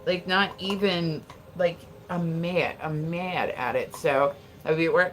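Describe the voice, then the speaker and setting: A woman's voice: on the low side, steady tone, measured pace, a bit bright, a little hiss or hum. A woman hosting a casual livestream, chatting with viewers in a rambling way, laughing often and swearing freely. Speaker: livestream host.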